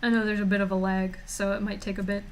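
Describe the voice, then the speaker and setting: Speaking quickly in a level, medium-pitched voice, this woman streamer jokes around and reads chat aloud while she draws for her viewers. The talk is casual, and a slight hiss or hum sits under the audio from her home streaming setup.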